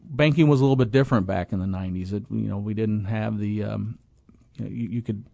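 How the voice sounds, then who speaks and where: A man's voice: on the low side, fairly even intonation, quick pace, creaky, warm tone, no echo, studio quality. A middle-aged man being interviewed, telling a long, rambling story about his business, with restarts and acted-out quotes. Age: 20s in 1997, now middle-aged. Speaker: guest, apartment property owner.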